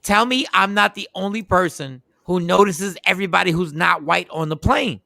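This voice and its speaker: A high-pitched man with a gravelly edge hosts a casual talk show. His tone is bright and sharp, and the recording is close and dry. He tells stories with lots of animation and acts out each scene. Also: normal speed, no echo. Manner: animated storyteller, acts out scenes, laughs often. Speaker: podcast host. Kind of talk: casual chat.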